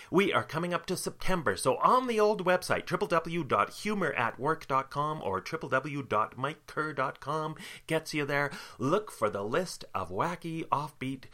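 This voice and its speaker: Lively, bright-voiced male podcast host. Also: a little high. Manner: upbeat, lightly joking delivery. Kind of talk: solo podcast monologue.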